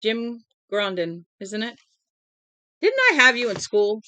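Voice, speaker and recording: A woman reading the lines of a curt, cold-eyed older schoolteacher with a low, raspy voice. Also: expressive, takes it slowly, bright, forceful tone, dry recording.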